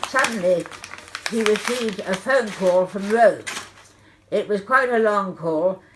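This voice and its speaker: Deadpan woman reading her memoir. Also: mid-range voice, slow, slight background noise, rough recording. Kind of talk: first-person memoir narration.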